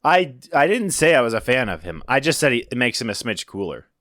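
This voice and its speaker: Excitable swearing man, dry sound. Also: mid-range voice, a little fast, dry recording. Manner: swears a lot in loud, excited reactions. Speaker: podcast co-host. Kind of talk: casual chat.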